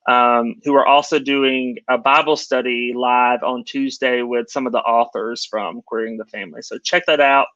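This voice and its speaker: An upbeat man co-hosts a casual livestream with a bright, forward voice. The sound is dry with no room echo. It is also a little muffled, like a video call. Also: medium pitch, steady tone, moderate pace, few pauses. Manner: upbeat, informal. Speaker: co-host.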